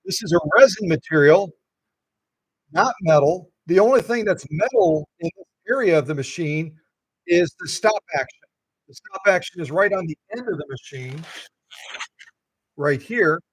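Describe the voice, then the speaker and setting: A middle-aged man with a gravelly voice, hosting a casual sewing machine demonstration and playfully quizzing his viewers. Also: sits high, expressive, normal speed, long pauses, dry recording, poor audio. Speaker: sewing machine restorer and channel host.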